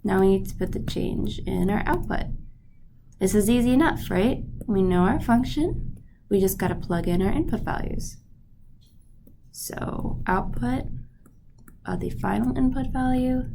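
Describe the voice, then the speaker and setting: A woman's voice: medium pitch, animated, measured pace, vocal fry, long pauses, background noise. A woman teaching a math lesson, stuffy-nosed, patiently checking in with her students as she goes. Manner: patient, checks in with "right?" and "okay?". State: stuffy nose.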